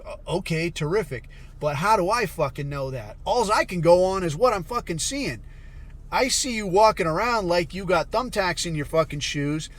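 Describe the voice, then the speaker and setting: A man's voice, a little high and fairly bright in tone, carries a podcast rant of casual commentary. He's blunt and sarcastic, swearing freely.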